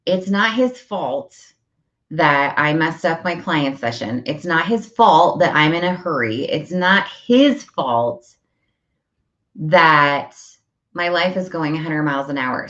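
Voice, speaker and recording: Woman host, low voice, chatty parenting talk, dull lo-fi recording. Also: expressive, slow, a bit bright, reverberant. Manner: chatty, acts out dialogue with her kids. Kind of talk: casual chat. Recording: dull lo-fi audio.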